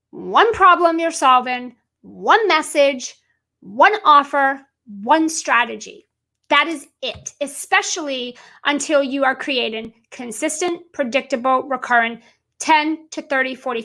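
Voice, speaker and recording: A woman's voice: high-pitched, bright, forceful tone. A woman business coach giving an emphatic live video talk, repeating her points and calling her audience "guys".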